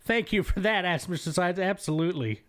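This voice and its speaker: A man's voice: sits high, a little fast. A man hosting a livestream, reading chat logs aloud with jokey asides and frequent laughter. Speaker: livestream host.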